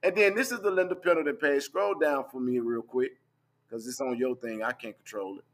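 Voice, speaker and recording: A man's voice: medium pitch, fairly quick. Blunt, profane man reading screenshots. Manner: blunt, profane, scrolling through screenshots while talking. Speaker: vlogger. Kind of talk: casual livestream commentary.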